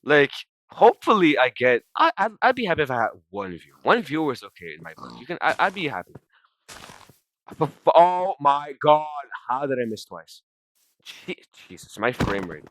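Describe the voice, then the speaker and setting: A man's voice: a little high, very animated, moderate pace, a bit bright. A man rambling and swearing casually as he comments over his own gameplay, often breaking off mid-sentence. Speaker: gaming commentator. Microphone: desktop mic while recording screen.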